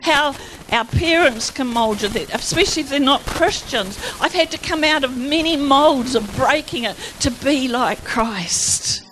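Fervent woman giving a slow testimony. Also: high voice, slight background noise. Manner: fervent, animated storytelling with acted-out quotes. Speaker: Christian speaker.

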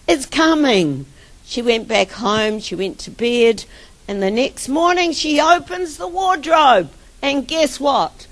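A woman preacher telling miracle stories in a sermon, with emphatic exclamations. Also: fairly high pitch.

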